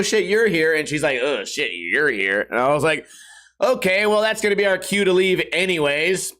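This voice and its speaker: Male podcast host, middle-aged, slightly high voice; loose, profane, jokey solo storytelling with voiced-out quotes. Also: a bit bright. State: hungover and stiff.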